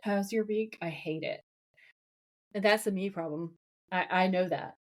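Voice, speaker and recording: A woman's voice: on the low side, a little slow. A woman co-hosting a podcast, chatting casually and animatedly while recapping a TV episode, swearing now and then. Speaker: podcast co-host.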